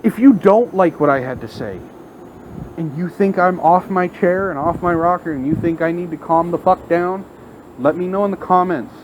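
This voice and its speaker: A man's voice: sits high, moderate pace, muffled recording, slight background noise. An angry man delivering an unscripted, profane rant into his phone at work, in front of a large window. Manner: heated, profane ranting. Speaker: vlogger.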